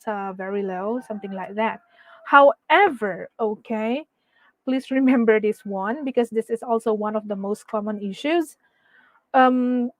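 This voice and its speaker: A woman's voice: on the high side, a little mellow, dry recording. A woman teaching exam speaking skills in an online webinar, patiently explaining and often checking in with "okay?" and "right?". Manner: tags sentences with "okay?" and "right?". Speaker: IELTS speaking trainer.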